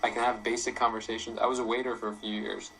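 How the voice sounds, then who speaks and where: A man's voice: mid-range voice, flat delivery, quick pace, sharp tone, a little hiss or hum, poor audio. Laid-back young man. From United States. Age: young adult. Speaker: co-host. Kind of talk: casual football chat.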